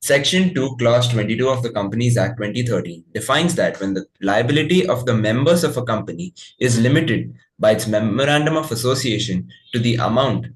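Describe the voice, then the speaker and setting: A man reading legal definitions aloud in a steady, formal way. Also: mid-range voice, low-quality recording.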